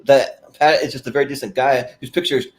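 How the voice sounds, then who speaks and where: A man putting on an excitable, naive, fussy man who frets and exclaims in a raised voice. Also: brisk, natural voice. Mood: fretful. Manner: high, fretful and exclaiming.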